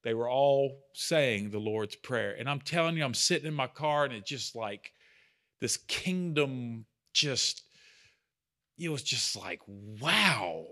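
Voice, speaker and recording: A man's voice: medium pitch, expressive, takes it slowly, pushed and bright. A man leading a church study group, talking casually and earnestly, with self-deprecating asides. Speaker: bible study leader. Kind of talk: casual teaching talk.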